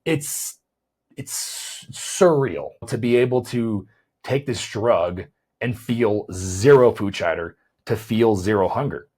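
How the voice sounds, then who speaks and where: A man's voice: on the low side, slow, a little mellow, slightly rough. A man, a chiropractor hosting a podcast, explains weight loss in a conversational way, often repeating words as he thinks and checking in with "right?".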